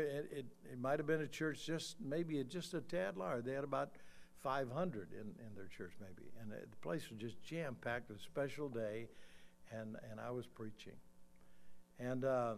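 An older man delivers a sermon in a church. He tells a personal story in a conversational way, then builds to loud, forceful emphasis before leading a quiet prayer. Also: mid-range voice, creaky. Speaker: preacher. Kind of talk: sermon with altar call. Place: church sanctuary.

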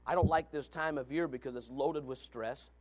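A man preaching a sermon as pastor, folksy and repetitive, swinging from quiet talk to fervent shouting. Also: medium pitch, normal speed. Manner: folksy, repeats phrases.

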